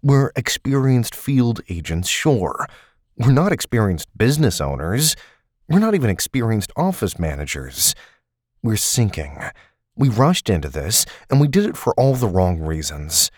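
A man's voice: on the low side, big pitch swings, unhurried, a little mellow, no room sound, studio quality, pitched above the performer's own voice. A male narrator voicing a tense, blunt ex-agent who speaks tersely and coolly. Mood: cool, cutting. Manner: terse, cool and cutting. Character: tense, blunt man, fed-up ex-field agent partner.

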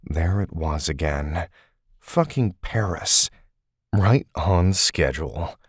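A man narrating a novel in measured storytelling at a close studio mic. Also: low voice, animated, slightly rough, no echo. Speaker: audiobook narrator.

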